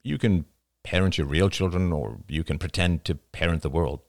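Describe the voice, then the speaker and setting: A man reading the lines of a blunt, guarded man with grim views, in a flat, terse manner. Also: low voice, moderate pace, creaky, no echo, studio quality. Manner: flat, terse, matter-of-fact. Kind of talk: audiobook character reading.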